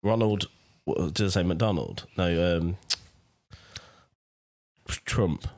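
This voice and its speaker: A man's voice: sits low, takes it slowly, a little mellow. A man hosting a casual podcast chat, teasing and swearing as he laughs along. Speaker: podcast host.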